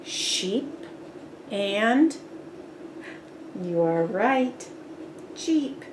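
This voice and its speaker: A woman reading a picture book aloud to young children, pausing to ask which words rhyme and praising answers. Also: mid-range voice, lively intonation, a little hiss or hum. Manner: patient, praising, asks questions. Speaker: storybook reader. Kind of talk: children's read-aloud with rhyming quiz.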